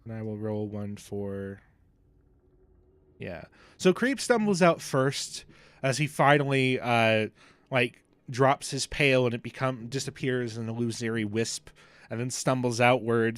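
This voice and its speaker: A man narrates a tabletop role-playing scene as game master, his telling loose and packed with fillers and restarts. His mid-range voice is clear and resonant, moving a little slowly, with no echo.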